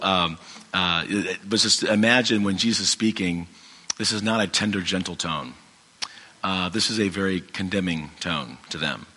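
A man's voice: sits low, pushed and bright, husky, long reverb tail. A man teaching from the Bible in a casual, conversational way, with a strained, fading voice, many fillers and restarts. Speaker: pastor.

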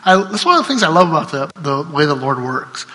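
Bright-voiced male preacher in echoing hall. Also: on the high side, sing-song, brisk. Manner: swings between loud declarations and soft trailing endings. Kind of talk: sermon with scripture reading. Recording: long hall reverb.

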